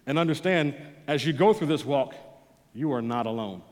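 A male pastor delivers a sermon in a mid-range voice, telling a personal story. He shifts from loud, mock-pleading bursts to low, quiet intensity. His voice rings out with a long reverb, as in a large hall. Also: lively intonation, normal speed.

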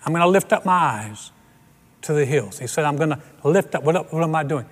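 A man's voice: a little high, lively intonation, brisk, a bit bright, husky, in a large hall. A man preaching a sermon as pastor, conversational and earnest, repeating phrases for emphasis.

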